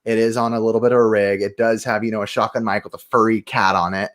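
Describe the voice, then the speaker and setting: A man's voice: lowish voice, little pitch movement, fast, a bit bright. Upbeat talkative man on a livestream. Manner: upbeat, talkative anecdote teller. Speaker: YouTube show host, guest. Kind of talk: casual livestream chat.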